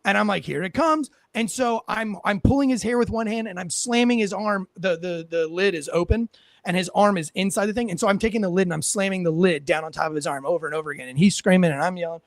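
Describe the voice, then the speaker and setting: Man with a high voice, ex-cop telling a story, animated and profane, close dry sound. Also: quick pace, no room sound. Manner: animated, profane, acts out what people said. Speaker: former police officer. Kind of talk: casual storytelling on a talk show.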